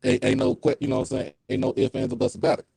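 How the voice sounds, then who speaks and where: A man's voice: fairly low pitch, completely flat delivery, racing, creaky, warm tone, husky, no room sound. A man guesting on a live sports chat over his phone, talking earnestly with many restarts and fillers. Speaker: guest who runs his own sports live stream. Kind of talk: casual live-stream chat. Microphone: phone on a call.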